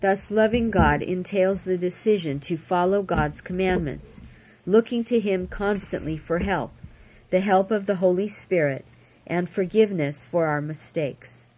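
Measured woman reading scripture aloud. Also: on the low side, a little mellow, slightly rough, poor audio. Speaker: scripture reader.

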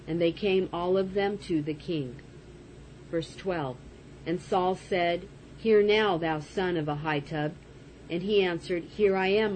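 A woman reading Bible verses aloud in a steady manner, calling out each verse number and even the punctuation marks. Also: fairly low pitch, slight background noise, rough recording. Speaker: scripture reader.

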